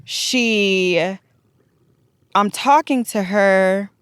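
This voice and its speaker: A woman telling a long personal story in casual podcast chat, animated and acting out the dialogue. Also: mid-range voice, extremely slow, clear, resonant tone, no room sound, studio quality.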